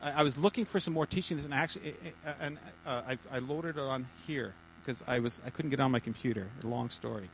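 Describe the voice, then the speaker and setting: A man, a pastor, giving informal teaching to a small church group in a halting, chatty way, with many repeated words and restarts. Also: medium pitch, a little hiss or hum, low-quality recording. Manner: chatty, jokey asides.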